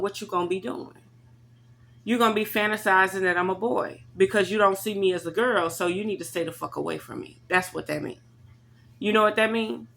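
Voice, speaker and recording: A woman telling a story to her camera in a blunt, profane, animated rant. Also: medium pitch, vocal fry. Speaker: vlogger.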